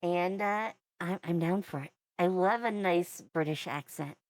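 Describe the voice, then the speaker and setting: A woman's voice: on the low side, unhurried, dry recording. A woman streamer giving casual commentary while reacting to songs, thinking aloud in a musing way. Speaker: VTuber reacting to music.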